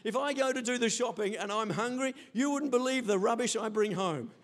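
A man's voice: very high-pitched, a little fast. An older man preaching a sermon as pastor, telling stories animatedly and acting out quotes. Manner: animated storytelling with acted quotes.

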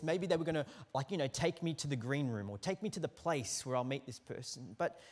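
A man, preaching a sermon as a lively storyteller who acts out the quotes in his anecdotes. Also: a little high. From Australia. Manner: animated storyteller acting out quotes, lively swings in loudness. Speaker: pastor.

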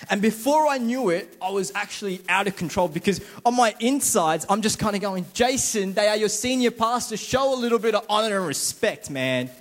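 Chatty man preaching. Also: on the high side. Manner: chatty, self-deprecating, acts out inner voices. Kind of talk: casual sermon.

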